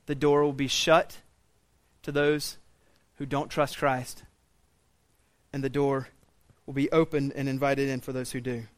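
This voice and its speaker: A pastor preaching a sermon in a church, swinging from quiet intensity to loud, raised pleading. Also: male voice, medium pitch, little pitch movement, unhurried, pauses often, dry recording. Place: church sanctuary.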